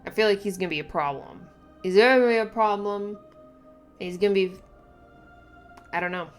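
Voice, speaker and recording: A woman reacting casually to a manga, thinking aloud with lots of fillers and restarts, and breaking into excited exclamations and giggles. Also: mid-range voice, moderate pace, soft background music. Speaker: manga reaction channel host.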